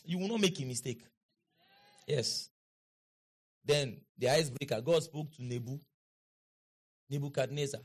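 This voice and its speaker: A man preaching a sermon in an auditorium, leading the crowd in call-and-response and building to shouts and chants. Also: medium pitch, unhurried, pauses often. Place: large auditorium.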